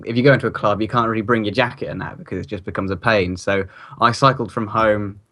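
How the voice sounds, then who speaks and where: A man's voice: fairly low pitch, fairly even intonation, fast talker, bright, forceful tone. Wry chatty man. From England. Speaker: player. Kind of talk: casual chat.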